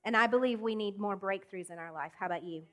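A woman preaching a sermon, speaking emphatically with deliberate pauses and direct questions to the congregation. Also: mid-range voice, sharp tone. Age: adult.

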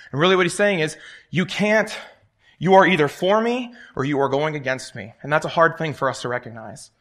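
This young man's sermon feels conversational as he narrates stories and performs the quoted voices within them. His voice sits on the high side and sounds a bit bright.

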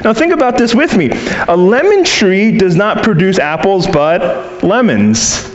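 A man's voice: high-pitched, big pitch swings, unhurried, echoey room, highs cut off. A man preaching a sermon, earnestly asking his listeners questions and acting out little quoted exchanges. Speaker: pastor.

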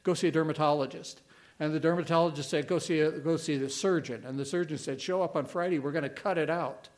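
A middle-aged man preaching a sermon as a pastor, earnest and emphatic, pausing and repeating key words. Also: on the high side, steady tone, a little mellow.

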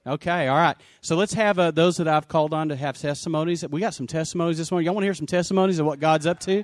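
A man pastoring a church service, energetic and joking as he calls people up to share. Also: on the high side, fast talker, few pauses, dry recording. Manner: energetic, joking, shouts out to the congregation. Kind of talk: sermon.

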